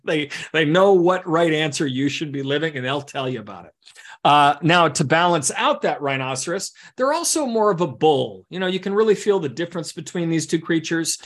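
A man coaching a group through a teaching session, lively and full of quick asides. His voice sits a bit on the high side for a man. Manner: animated, with vivid analogies and asides. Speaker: executive coach. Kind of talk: teaching workshop talk.

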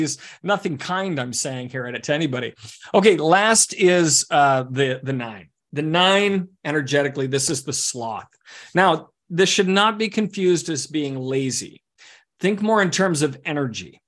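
A man coaching a group through a teaching session, lively and full of quick asides. His voice sits a bit on the high side for a man. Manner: animated, with vivid analogies and asides. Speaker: executive coach. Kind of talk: teaching workshop talk.

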